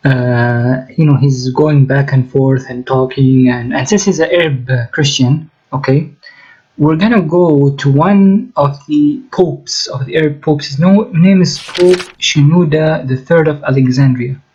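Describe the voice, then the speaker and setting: Hesitant husky man, lo-fi. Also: a little high, measured pace, a little mellow. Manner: hesitant, many fillers, checks in with okay. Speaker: channel host. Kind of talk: casual commentary. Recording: dull lo-fi recording.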